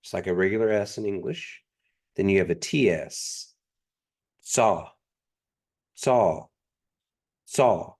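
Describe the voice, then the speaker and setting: A man's voice: deep voice, normal speed, creaky, a little mellow. A man teaching a language class, patiently repeating each sound three times in a pronunciation drill.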